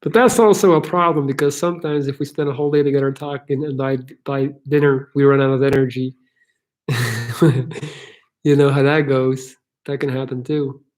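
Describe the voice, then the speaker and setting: A man hosts a livestream Q&A, answering viewer questions in a mid-range, darkish voice with a steady tone at normal speed. He's chatty and joking, laughing easily.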